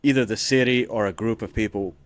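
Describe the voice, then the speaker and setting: A man's voice: fairly low pitch, fairly quick, no echo. A man co-hosting a podcast, explaining a term to his friend in a patient, plain way. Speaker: podcast co-host. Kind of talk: casual chat.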